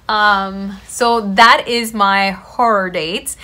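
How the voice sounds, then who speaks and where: Bright-voiced woman telling a story. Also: medium pitch, a little slow, few pauses. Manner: animated, quotes people in her own voice. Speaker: vlogger. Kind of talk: casual storytelling to camera.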